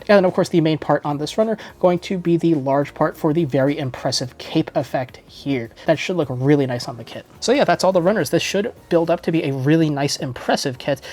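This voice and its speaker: A man giving a casual, methodical model-kit review, listing parts and often correcting himself mid-sentence. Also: on the high side. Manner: steady, methodical listing with frequent self-corrections. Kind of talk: casual product review narration.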